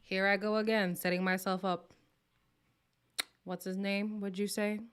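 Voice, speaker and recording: A woman hosts a relaxed live stream from home. She chats in a playful, gossipy way, often laughs, and sometimes slips into a whisper. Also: medium pitch, unhurried, clean tone. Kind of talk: casual live chat reacting to viewer comments.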